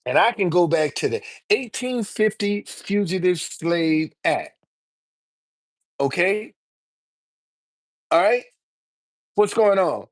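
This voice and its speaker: Her fairly low voice is animated yet unhurried, broken by frequent pauses, as this woman in her seventies responds to viewers on her live stream. She talks heatedly, swearing, repeating points and stumbling into restarts.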